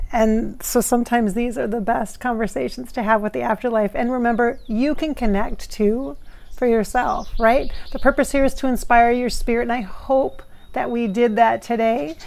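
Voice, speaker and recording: A woman hosting a casual spirit-channeling session as a medium, effusive and full of thanks, with frequent soft laughter. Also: on the high side, gravelly. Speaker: psychic medium and channel host.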